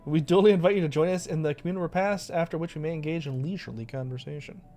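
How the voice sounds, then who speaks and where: A stately ancient scholar speaks in measured, formal phrases, as a male streamer reads him. The voice sits a little high, with soft music beneath. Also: lightly acted. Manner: formal, measured reading of game dialogue.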